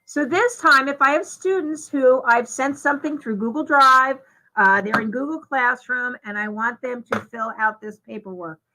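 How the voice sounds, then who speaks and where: A woman giving a live software demonstration, talking through each step in a chatty way with fillers. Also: sits high, normal speed, low-quality recording. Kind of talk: live software demo walkthrough.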